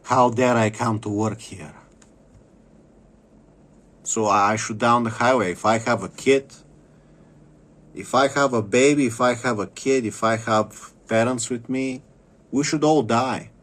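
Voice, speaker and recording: A man's voice: medium pitch, unhurried, pauses often, a bit bright. A man delivering an angry, profane vlog rant, bitter and repeating phrases for emphasis. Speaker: vlogger. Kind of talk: angry ranting monologue.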